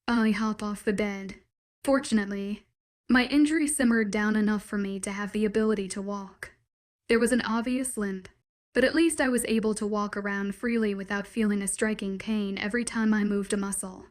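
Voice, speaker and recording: A woman narrating a first-person romance story in a steady, soft-spoken way. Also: mid-range voice, normal speed.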